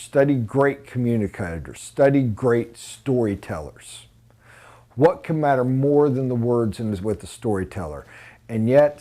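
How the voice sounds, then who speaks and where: Animated, emphatic male sales trainer. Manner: animated and emphatic, with sudden loud high bursts; blunt and informal.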